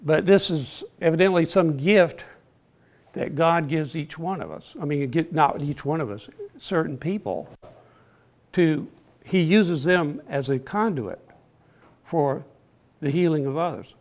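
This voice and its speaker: An older man leads a casual Bible class, his voice sitting a little high for a man. He talks slowly and plainly, with an earnest, halting manner as he works through scripture. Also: lively intonation. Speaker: Bible study teacher. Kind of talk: informal Bible class teaching.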